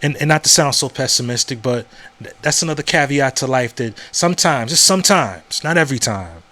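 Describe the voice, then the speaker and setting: A man's voice: mid-range voice, expressive, fairly quick, bright, forceful tone. A man hosting a podcast, talking casually and frankly, with frequent repetitions and checks like "you know what I'm saying?". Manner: frank and profane. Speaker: podcast host. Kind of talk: casual monologue.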